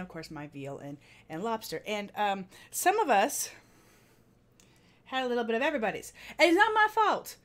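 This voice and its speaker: Chatty woman vlogger, lively pitch. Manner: chatty, animated retelling with frequent laughs. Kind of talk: casual vlog storytelling.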